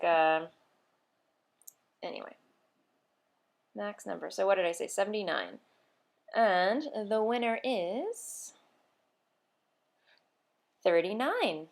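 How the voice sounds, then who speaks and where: A woman's voice: on the low side, gravelly. A tired woman hosting a knitting vlog, chatting casually and scatterbrained, with fillers and little laughs. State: tired, short on sleep. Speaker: knitting podcast host.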